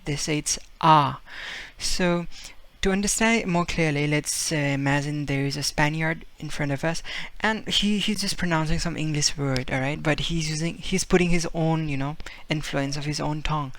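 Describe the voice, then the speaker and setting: A man's voice: a little high, fairly even intonation, moderate pace, fairly bright tone. A man giving a casual video language lesson, explaining with fillers and repeating example words as he acts them out. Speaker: Spanish teacher.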